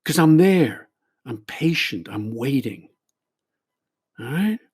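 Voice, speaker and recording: A man's voice: medium pitch, lively intonation, slow pace, darkish tone, breathy edge, pitched above the performer's own voice. A man voicing a gloating addiction taunting its victim. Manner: mocking, goading questions. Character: taunting personified addiction, male, patient and gloating.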